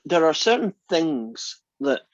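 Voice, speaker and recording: A man's voice: a little high, big pitch swings, slow, no room sound. Scottish guy teaching a math class, chatty, restarts a lot, dull lo-fi recording. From Scotland. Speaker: math lecturer. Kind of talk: classroom lecture.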